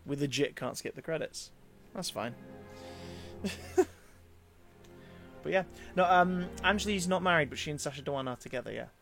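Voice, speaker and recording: A man's voice: a little high, expressive, moderate pace, creaky, long pauses, a bit bright, soft background music. A man streaming a game, chatting casually and telling rambling stories while reading the chat aloud. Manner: chatty storyteller, rambling with restarts, reads out chat.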